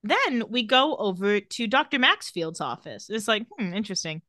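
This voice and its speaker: A woman's voice: medium pitch, very animated, moderate pace, sharp tone, no room sound, clean studio sound. A woman co-hosting a casual podcast, recapping a TV episode scene by scene with wry asides and frequent laughter. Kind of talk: casual chat.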